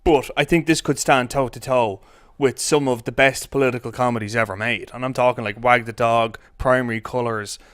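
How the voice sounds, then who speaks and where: A man talking films in a casual chat, rambling and saying "like" a lot. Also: medium pitch. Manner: rambling, heavy use of "like", quick bursts of excitement. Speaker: film critic.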